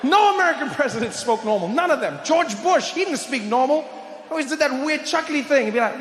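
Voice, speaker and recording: A man doing stand-up comedy on stage, animated and mock-indignant. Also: very high-pitched, a little fast. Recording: echoey hall with background noise.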